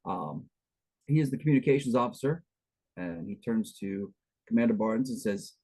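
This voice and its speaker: A man's voice: lowish voice, animated, moderate pace, dark tone, poor audio. Man, game master, tabletop game narration, rambling asides, lots of ums. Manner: chatty, rambling asides with many fillers.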